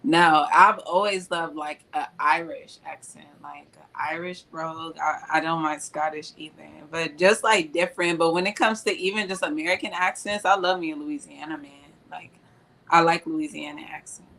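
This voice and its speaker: A chatty woman talking on a podcast panel. Her voice is gravelly with lots of fry, and it has a bright, tense edge. She sounds eager as she talks. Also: low voice, steady tone, moderate pace. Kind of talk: casual chat.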